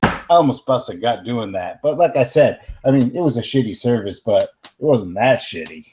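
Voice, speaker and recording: A man's voice: mid-range voice, animated, normal speed, darkish tone. A young man with a New York accent playing his character in a tabletop game, brash and swearing. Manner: brash, swearing, streetwise talk. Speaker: player. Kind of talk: in-character tabletop role-play.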